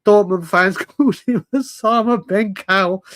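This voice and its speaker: A man's voice: high-pitched, unhurried, a bit bright. A man hosting a live fan stream, talking casually and rambling, laughing often and calling viewers mate and brother.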